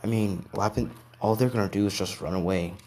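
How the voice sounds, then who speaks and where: A man playing a small animal principal of a hero school with a mild, unsure manner. His voice sits low and sounds soft-spoken. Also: fairly even intonation, fast, natural voice. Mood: hesitant.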